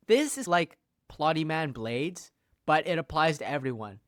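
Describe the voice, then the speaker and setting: A young man talks on his own channel in a loose, slangy ramble, swearing freely as he ranks things. His voice sits a touch high for a man. The sound is dry and close, with no room around it. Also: sing-song, normal speed, no echo. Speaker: YouTuber. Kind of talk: casual ranking commentary.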